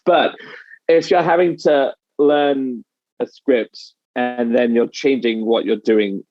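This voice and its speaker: A man with a Midlands English accent, a dialect coach explaining his methods in a podcast interview in a measured way. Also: medium pitch, fairly even intonation, highs cut off. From England.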